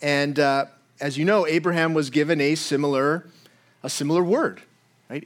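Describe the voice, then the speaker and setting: A male pastor gives a sermon in an easy, conversational way and keeps checking in with his listeners. His voice sits a little higher than most men's. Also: steady tone, normal speed.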